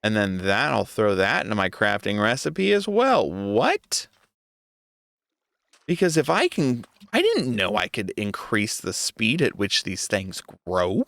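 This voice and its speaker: A man's voice: on the low side, very animated, unhurried, creaky, a bit bright, dry recording. Young guy narrating his modded game, voice jumps all over, close dry mic, muttering and joking at himself. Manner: talks to himself, exasperated and joking. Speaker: gaming video creator. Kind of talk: casual gameplay commentary.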